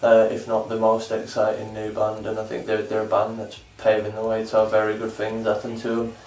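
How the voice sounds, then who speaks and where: A man talks in an even, flat voice, earnestly rambling through his praise for a band. He sounds distant and roomy. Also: on the low side, a little fast. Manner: earnest, rambling enthusiasm with restarts. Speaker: vlog co-host reviewing albums. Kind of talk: casual chat.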